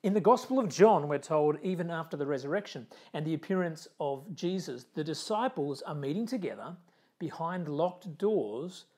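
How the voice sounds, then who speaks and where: A pastor delivers a sermon with emphatic, dramatic phrasing. He builds up on key lines, then drops to a near hush. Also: on the high side, slightly rough.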